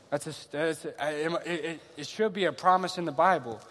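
A man's voice: on the high side, moderate pace, fairly bright tone. A man preaching a sermon in an earnest, conversational way, repeating key phrases, in a large room with bleachers. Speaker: pastor. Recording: long hall reverb.

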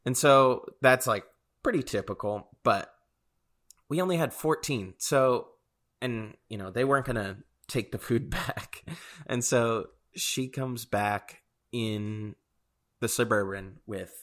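A man's voice: medium pitch, slow pace, fairly bright tone. A man co-hosting a casual chat show, telling a rambling story full of fillers and frequent chuckles.

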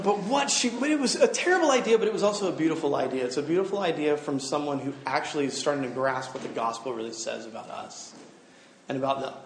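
A man's voice: mid-range voice, reverberant, a little hiss or hum. A middle-aged man giving a sermon to a gathered audience, talking casually, joking and asking the room questions. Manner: conversational, humorous, asks the room questions. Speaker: campus minister.

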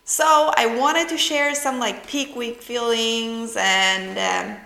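A woman with a Swedish accent, a non-native English speaker, hosting her own podcast in a bubbly, excitable way with lots of fillers. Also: a little high, slow, roomy sound, poor audio. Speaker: podcast host. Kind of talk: casual podcast talk.

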